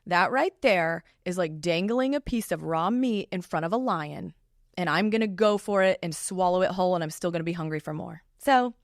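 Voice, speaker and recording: A woman, a family law attorney hosting her own podcast in a chatty, animated way. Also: fairly low pitch, dry recording, clean studio sound. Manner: chatty and animated, with lively asides. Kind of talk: casual solo podcast talk.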